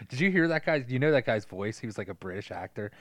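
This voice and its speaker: A man co-hosting a podcast in casual comedic chat, loud, rambling and swearing a lot. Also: mid-range voice, animated, fast. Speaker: podcast co-host.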